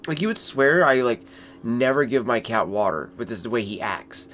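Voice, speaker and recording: Fairly quick and fairly bright, his medium-pitched voice stays expressive as the console game streamer talks casually off camera. At home amid background noise, he switches to baby talk for his cat and swears liberally.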